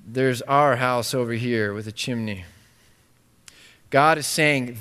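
A man's voice: medium pitch, measured pace, a bit bright, clean tone. A man preaching a sermon as pastor, casual and emphatic with conversational asides. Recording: long echo of a large hall.

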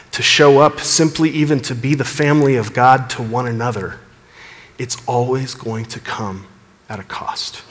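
A pastor preaches a sermon earnestly, building emphasis and dropping low at the ends of phrases. The recording has a long reverb tail.

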